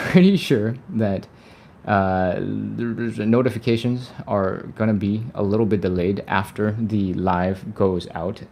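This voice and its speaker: A man's voice: on the low side, darkish tone, slight background noise. A man leading a live stretching workout, chatty and upbeat, sighing and laughing between cues. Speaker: stretching coach.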